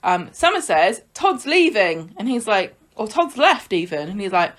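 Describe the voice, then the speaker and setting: A woman co-hosting a podcast, chatting casually about a soap and acting out characters' lines in quick asides. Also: medium pitch, sing-song, fairly bright tone. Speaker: podcast co-host. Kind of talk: casual chat recapping a soap.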